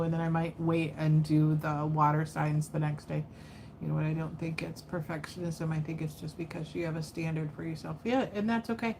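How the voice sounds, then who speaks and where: A woman's voice: deep voice, a little hiss or hum. A woman doing a casual livestream tarot reading, chatty and given to laughing, her voice tired after hours of talking and reading to her chat. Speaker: tarot reader.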